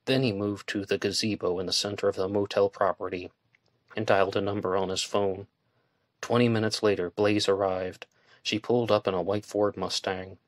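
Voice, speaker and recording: A man reading a thriller audiobook aloud in steady narration. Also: on the low side, moderate pace, dry recording, clean studio sound. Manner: steady, plain storytelling. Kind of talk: scripted narration.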